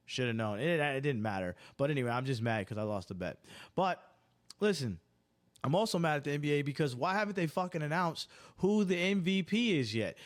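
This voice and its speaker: Profane, ranting sports podcast host. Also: male voice, mid-range voice. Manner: rambling, self-interrupting. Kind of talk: unscripted sports banter.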